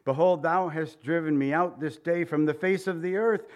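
A man preaching a sermon, swinging between loud emphasis and soft, quiet lines, asking the congregation direct questions in a conversational way. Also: a little high, moderate pace. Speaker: pastor.

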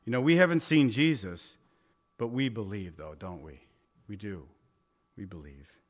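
A pastor preaches a sermon in a conversational way, often putting questions to his congregation. His voice is fairly low and moves at a moderate pace.

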